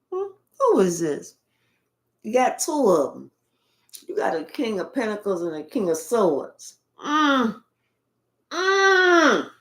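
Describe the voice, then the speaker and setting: Slow, bright-voiced woman reading tarot. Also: medium pitch. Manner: animated, drawling, sassy, talks to spirit and viewers. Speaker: tarot reader. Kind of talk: live tarot reading, casual chat.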